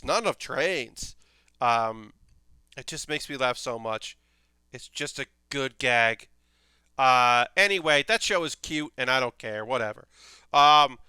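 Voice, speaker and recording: Chatty animated man, bright crisp voice. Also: a little high, no echo. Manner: chatty, animated, swears casually. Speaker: streamer reviewing anime. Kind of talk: casual livestream chat.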